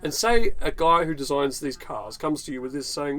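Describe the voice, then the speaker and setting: A man's voice: fairly high pitch, very animated, a little fast, hardly any pauses, a bit bright, low-quality recording. A man ranting in a casual vlog, sarcastic, dismissive and sprinkled with swearing. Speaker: video blogger.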